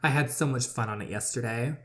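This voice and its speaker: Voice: medium pitch, brisk, fairly bright tone, natural voice. A gamer reading the lines of a teasing young woman heroine in a romance story game. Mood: playful.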